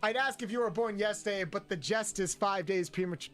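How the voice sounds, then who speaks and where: A streamer chatting casually with chat during gameplay, given to loud, swearing outbursts. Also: medium pitch, fairly quick, hardly any pauses, soft background music.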